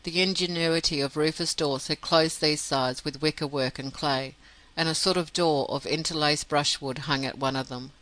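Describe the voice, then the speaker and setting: A man narrating an audiobook in a steady, measured reading. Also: a little high, low-quality recording. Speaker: audiobook reader.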